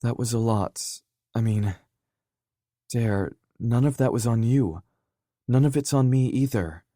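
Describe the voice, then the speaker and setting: A male narrator voicing a shaken young woman who speaks softly and hesitantly. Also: medium pitch, measured pace, no echo, clean studio sound, pitched above the performer's own voice, close to an everyday voice. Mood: earnest.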